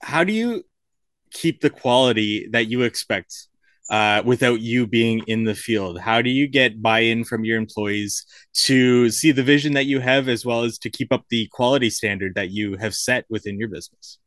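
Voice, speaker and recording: A man's voice: medium pitch, moderate pace, fairly bright tone, no room sound, studio quality. A man hosting a podcast, asking long questions with hesitant fillers. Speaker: podcast host. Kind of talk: interview questions.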